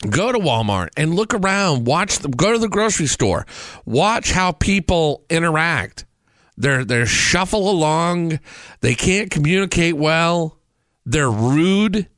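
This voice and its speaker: A man's voice: a little high, unhurried, dry recording, clean studio sound. A man in his forties hosting a show, telling stories and ranting profanely in a comedic style. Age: 40s. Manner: profane, ranting, animated storytelling. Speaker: host. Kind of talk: comedic rant.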